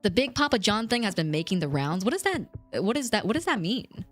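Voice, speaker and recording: A young woman chats with her stream audience in an animated, swooping voice. She darts up into squeaky highs and drops into goofy low tones. Faint music plays behind her. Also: a little fast. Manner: animated, bouncing between squeaky highs and mock-deep lows. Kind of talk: casual chat with viewers.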